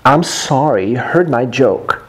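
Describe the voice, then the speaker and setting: A defensive man brushing off a tactless joke, read aloud by a male teacher. The lines come at a raised pitch in a textbook-reading style. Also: lively intonation, measured pace, husky.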